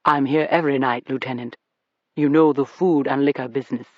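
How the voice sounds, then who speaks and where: A reader voicing a cheerful, evasive male club owner with a deep British accent, polite and smooth in an audiobook. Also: fairly even intonation, brisk, dry recording, natural voice. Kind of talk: audiobook character reading. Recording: dull dry recording.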